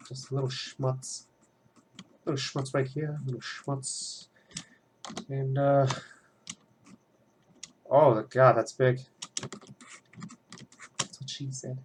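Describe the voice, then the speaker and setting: A man's voice: mid-range voice, flat delivery, slow pace, long pauses, a little mellow, slight background noise. A young man chatting casually and rambling as he works on a drawing at home, swearing freely. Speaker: art student drawing on stream. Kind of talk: casual commentary while drawing.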